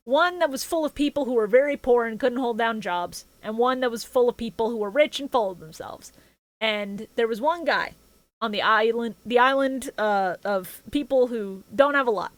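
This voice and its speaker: A woman with a high, bright voice recaps an anime episode on a casual podcast. She talks excitedly, laughs often and swears freely, slipping into quick impressions of the characters. The sound is dry and close. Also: dry recording. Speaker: podcast co-host.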